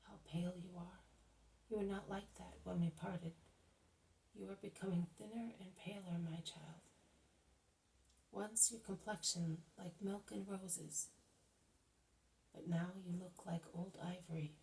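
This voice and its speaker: A woman voicing a tender mother who speaks softly and low, in a hushed voice, in a spoken book reading. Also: measured pace, creaky, recorded from a distance, a little hiss or hum, rough recording. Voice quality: soft, hushed.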